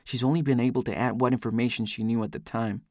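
A man's voice: mid-range voice, fairly even intonation, quick pace, darkish tone, no room sound, studio quality. A man giving an intense, brooding first-person audiobook narration.

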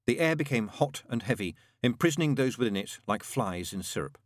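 A man's voice: medium pitch, expressive, a little fast, no room sound. Man narrating an audiobook, dry studio sound.

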